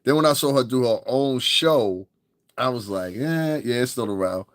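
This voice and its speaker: A man's voice: medium pitch, lively intonation, moderate pace, no room sound, clean studio sound. A man hosting his own podcast, talking in a blunt, profane, rambling commentary. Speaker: podcast host. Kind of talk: casual commentary monologue.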